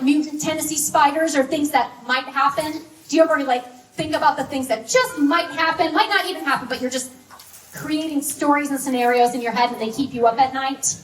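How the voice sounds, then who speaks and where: A woman in her thirties giving a chatty, story-driven sermon with lots of fillers. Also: high voice. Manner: conversational, storytelling, many fillers. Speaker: speaker. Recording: echoey hall, mic from a distance.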